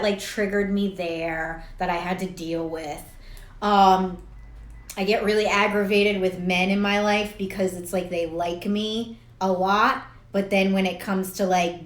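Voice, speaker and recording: A young woman coaching to camera, chatty and blunt, swearing freely and laughing at herself. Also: mid-range voice. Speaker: life coach. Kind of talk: casual talk to camera. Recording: roomy echo.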